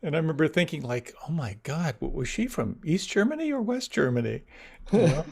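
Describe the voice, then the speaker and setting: Gravelly-voiced male interview host. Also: on the high side, big pitch swings, a little fast. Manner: thoughtful, sums up and prompts the guest. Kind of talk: reflective conversation.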